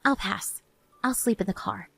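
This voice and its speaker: A woman's voice: medium pitch, moderate pace, vocal fry, husky, dry recording, heavily acted. A woman voicing a worn-out young wife and mother who argues earnestly with her husband. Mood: resigned. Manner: earnest, pleading, then flat and resigned. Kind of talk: animated story narration.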